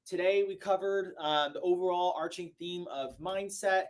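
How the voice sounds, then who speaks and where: A man in his thirties hosting a live show, giving an excitable, high-energy motivational sales talk that swings between loud bursts and low, slow stretches. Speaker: host.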